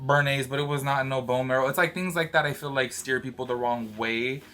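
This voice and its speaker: A man from Georgia, USA, vlogs from his cruise cabin, chatting about the trip in a rambling way with many fillers and asides. He has a medium-pitched, sharp-toned voice and talks fairly quickly.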